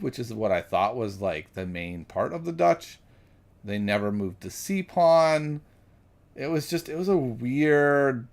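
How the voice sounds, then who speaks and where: A man thinking aloud as he solves chess puzzles, musing and correcting himself, then chatting with viewers. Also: medium pitch. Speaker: chess streamer.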